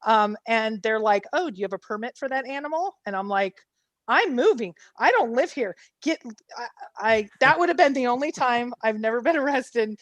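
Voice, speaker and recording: A woman's voice: on the high side, brisk, no room sound. A woman co-hosting a casual online panel, telling rambling anecdotes between laughs over a call mic. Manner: chatty storytelling with laughs. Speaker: panel host.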